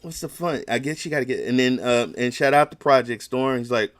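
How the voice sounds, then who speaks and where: A man talks through his gaming podcast alone, rambling and emphatic, restarting his sentences often. His voice sits at an ordinary middle pitch. The sound is dry and close to the mic. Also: fairly quick, dry recording. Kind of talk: casual solo podcast talk.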